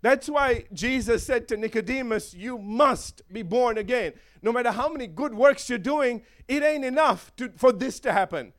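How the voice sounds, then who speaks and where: Lively, laughing high-voiced male preacher. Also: normal speed, few pauses. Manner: animated, laughing, acts out voices of chickens and eagles; asks the congregation for responses. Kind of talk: sermon.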